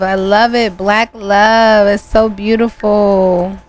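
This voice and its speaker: A woman's voice: medium pitch, level tone, slow, few pauses, slight background noise. A young woman giving casual gameplay commentary, emotional and exclamatory. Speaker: gameplay host.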